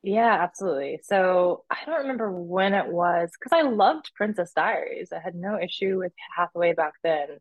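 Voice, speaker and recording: Young woman, low-pitched voice, chatty storytelling, dry close sound. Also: lively intonation, normal speed, hardly any pauses, no echo, lo-fi sound. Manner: chatty storyteller, says "like" a lot, acts out quotes. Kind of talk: casual chat.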